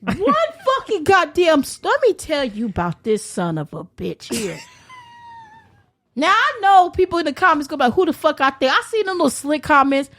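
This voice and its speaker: A young woman, a podcast guest, ranting in loud, brash, profane casual chat and laughing as she goes. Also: high-pitched, huge pitch swings, moderate pace.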